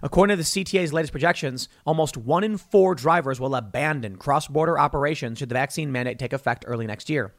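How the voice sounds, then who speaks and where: A man's voice: a little high, fast, hardly any pauses. A man hosting a solo political commentary show, talking in an opinionated, conversational way with emphatic stresses and frequent restarts.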